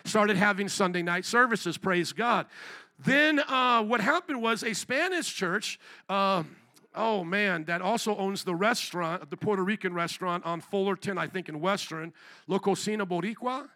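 Man, pastor, church sermon, laid-back storytelling, crisp bright tone. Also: high-pitched, moderate pace. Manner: casual, conversational storytelling. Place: church service.

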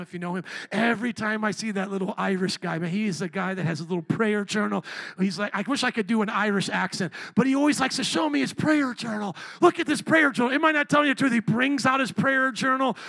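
A male pastor preaching a sermon, telling stories in an animated way and acting out quotes. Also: very high-pitched, dry recording. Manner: animated storytelling, acts out quotes.

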